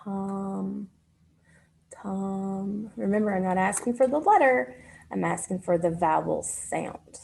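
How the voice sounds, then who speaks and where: A woman teaching a phonics lesson to children, speaking patiently and pausing for their answers. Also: mid-range voice, expressive, creaky, a little mellow, a little hiss or hum.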